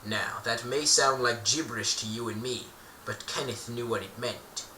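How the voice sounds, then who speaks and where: A man's voice: mid-range voice, moderate pace, sharp tone, slight background noise. A man telling an improvised story in a playful, rambling way, often correcting himself mid-sentence. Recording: roomy echo, distant mic.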